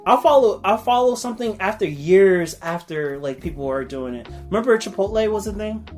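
A man's voice: high-pitched, lively intonation, fairly quick, darkish tone, soft background music. A man hosting a casual podcast, rambling and repeating himself in disbelief. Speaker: podcast host.

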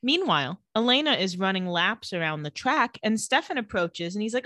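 A woman's voice: medium pitch, expressive, a little fast, few pauses, fairly bright tone, no room sound, studio quality. A woman co-hosting a podcast, recapping a TV episode in a wry, chatty way. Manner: chatty, wry, acts out quotes. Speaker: podcast co-host. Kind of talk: casual TV episode recap chat.

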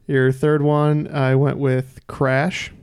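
A man hosting a casual podcast trivia game, reading questions slowly with frequent "uh" fillers. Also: medium pitch, little pitch movement, darkish tone, smooth. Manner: reads questions slowly and deliberately, with many "uh" fillers. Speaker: quiz host.

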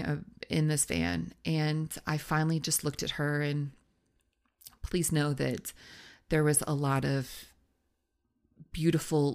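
A woman's voice: deep voice, vocal fry. A woman hosting a podcast about love, telling a story in an earnest way and repeating phrases for emphasis. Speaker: podcast host, love coach. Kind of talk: podcast monologue.

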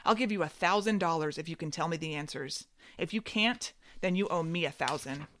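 Brash, mocking grown sister with a loud, raised voice, read by a woman narrator. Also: a little fast, a little hiss or hum. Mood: taunting. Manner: sarcastic, shrill when angry.

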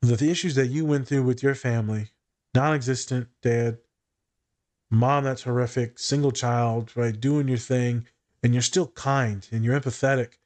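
A young man in a relaxed podcast chat, speaking at a mid pitch with a frank, profane delivery. He explains things as a therapist would, stumbling over repeated words and restarting thoughts as they come. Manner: swears freely, quotes others in animated voices, repeats words. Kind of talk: casual podcast conversation.

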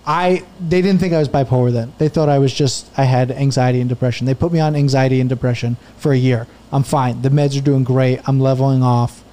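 A man's voice: mid-range voice, steady tone, brisk, hardly any pauses, mellow. A man in his thirties, a podcast guest, telling a rambling, profane story in casual chat.

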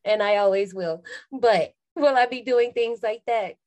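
A woman's voice: a little high, unhurried, a little mellow. A woman in her twenties, a podcast co-host, recapping a film in casual, slangy chat and laughing often.

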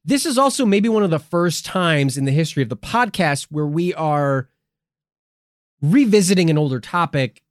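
A man's voice: a little high, expressive, normal speed, no echo, studio quality. A man co-hosting a comedic conspiracy podcast, teasing and mock-dramatic, swearing often. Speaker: podcast co-host.

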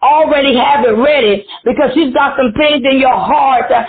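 A woman minister prophesying on a prayer line, shouting and tearful as she preaches. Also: high voice, normal speed, a crowd in the background. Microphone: phone call. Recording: tinny phone line.

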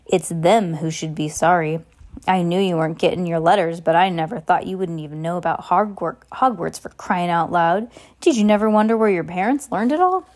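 A woman voicing a gruff, hulking giant man who is blunt and hot-tempered, speaking in booming, rough speech. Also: brisk, darkish tone, natural voice.

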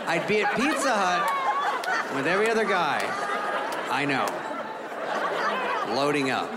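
A man's voice: fairly high pitch, sing-song, measured pace, pauses often. A man doing a stand-up comedy routine, telling a story with sarcastic asides and acting out the dialogue. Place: live theater stage before an audience. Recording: reverberant live hall with crowd noise. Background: audience laughter.

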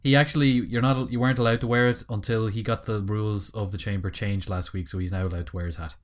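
A man's voice: fairly low pitch, steady tone. A man from Ireland co-hosting a podcast, chatting casually and laughing often at his own jokes. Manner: laughs often, quick to joke. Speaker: podcast co-host. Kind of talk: casual chat.

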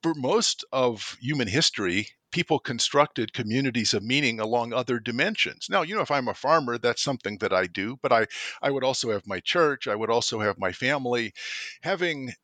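A man's voice: medium pitch, expressive, fairly quick, bright, forceful tone, dry recording. An older man, a professor and author, talking through ideas in a conversational interview, emphatic and thoughtful, often restarting his sentences. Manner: thoughtful, emphatic, repeats words when starting.

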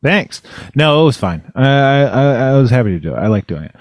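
Deadpan man hosting a comedy podcast. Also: medium pitch, brisk, no room sound, clean studio sound. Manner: deadpan, self-mocking and rambling. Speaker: podcast host. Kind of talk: casual comedic podcast chat.

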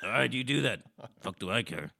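A man hosting a parody late-night call-in show, bantering comedically and swinging into high, shouty outbursts. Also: animated, a little fast, vocal fry, no echo, clean studio sound. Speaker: radio show host. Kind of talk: comedic improvised radio banter.

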